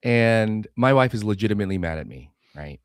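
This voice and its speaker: A man who is a guest on a podcast, telling profane, animated stories in casual chat. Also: on the low side, brisk, clean tone, no room sound, clean studio sound. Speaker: guest, sales consultant for chiropractors.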